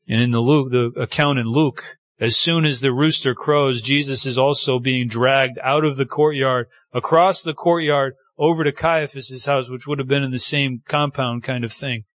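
A man's voice: normal speed, dry recording, dull audio. A man preaching a sermon, telling the story with feeling and acting out the quoted lines. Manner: animated storytelling, acting out quotes with pitch swings. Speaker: pastor.

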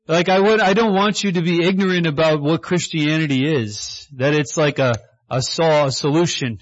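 A man preaching a sermon in a chatty, storytelling way, acting out little scenes and rising to excited shouts. His voice sits a little high for a man. The recording sounds dull and lo-fi. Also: normal speed, hardly any pauses. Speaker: pastor.

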